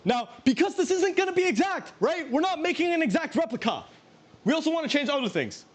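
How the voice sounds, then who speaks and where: A man's voice: very high-pitched, sing-song, fairly quick. A man who streams himself cooking, chatting casually in a rambling, self-mocking way and laughing often. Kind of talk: casual live-stream chat while cooking.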